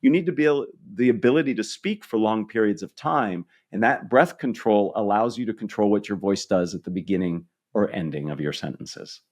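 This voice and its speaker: Man guest, lowish voice, very animated pitch, coaching manner. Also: moderate pace, hardly any pauses. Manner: explanatory, coaching tone with small restarts. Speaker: guest, communication lecturer. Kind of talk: podcast interview.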